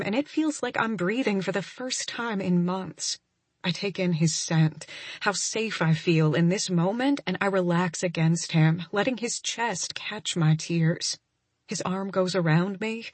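A woman's voice: lowish voice, a little slow, slightly rough, dry recording. A woman narrating a first-person romance audiobook in an intimate, emotional reading.

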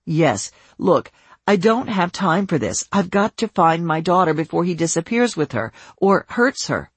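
A narrator voicing a desperate father pressing for help, speaking in a low, tense register, recorded dry. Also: sing-song, measured pace, husky, no echo, full character voice. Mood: urgent, pressing. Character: desperate father searching for his missing daughter.

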